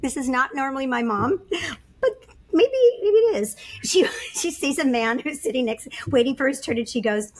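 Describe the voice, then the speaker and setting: A woman's voice: high-pitched, animated, normal speed. A middle-aged woman telling stories as a podcast guest, laughing often and acting out the voices of the people in them. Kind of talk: animated storytelling on a podcast.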